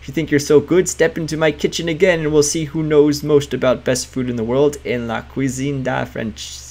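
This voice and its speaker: A man's voice: on the high side, flat delivery, moderate pace, a little mellow, voice pushed up, close to an everyday voice. A man voicing an angry, boastful male French chef who hurls insults. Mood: blustering. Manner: insulting, blustering, theatrical.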